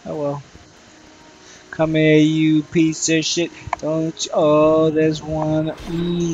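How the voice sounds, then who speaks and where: A man's voice: on the high side, monotone, takes it slowly, darkish tone, dull audio, slight background noise. A young man giving crude, rambling let's play commentary, swearing constantly and muttering at the enemies he fights. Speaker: gamer playing solo.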